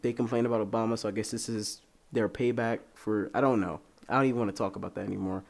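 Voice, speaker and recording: A man's voice: on the low side, fast talker, vocal fry. A young man hosting a podcast in casual chat, rambling and swearing freely. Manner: animated, profane, rambling. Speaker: podcast host.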